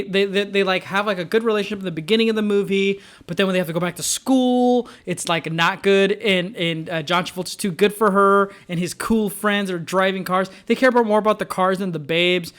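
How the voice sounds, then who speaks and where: Young male vlogger reviewing movies, a high voice with a loose, rambling delivery. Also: a little fast, a bit bright, smooth. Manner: rambling, many fillers and restarts. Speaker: film reviewer. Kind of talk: casual movie review vlog.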